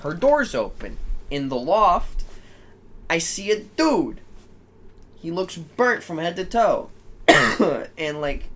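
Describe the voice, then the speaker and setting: A man's voice: fairly high pitch, slow pace, pauses often. A young man co-hosting a podcast, telling stories in a casual way, cursing and acting out the voices of people in them. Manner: animated, swearing, acts out quoted voices. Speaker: podcast co-host. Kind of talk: casual storytelling chat. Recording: faint background noise.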